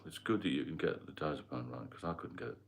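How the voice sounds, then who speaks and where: A gravelly bass voice, animated and fast, belongs to a middle-aged livestream host from Northeast England. He chats casually, rambling as he takes on viewer comments, and his accent is part Geordie, part London.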